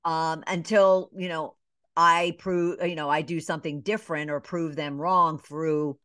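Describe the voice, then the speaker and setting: A middle-aged woman from Atlanta, a business coach, telling her story in a casual interview, with lively asides, many fillers and short bits acting out other voices. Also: sits low, measured pace, smooth, no echo, clean studio sound. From Atlanta, Georgia. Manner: animated storyteller, acts out quoted voices, many "you know" fillers. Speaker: business coach and podcast guest.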